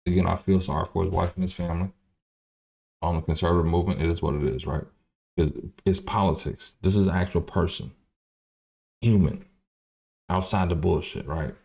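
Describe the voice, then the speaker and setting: A man's voice: low-pitched, fairly even intonation, brisk, gravelly, long pauses, mellow. A man hosting a livestream, giving loose, profane political commentary with many restarts. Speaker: livestream host.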